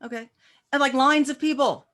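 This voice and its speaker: A woman practitioner and teacher in a casual interview, telling animated stories and acting out quoted voices with many restarts. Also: fairly low pitch, normal speed.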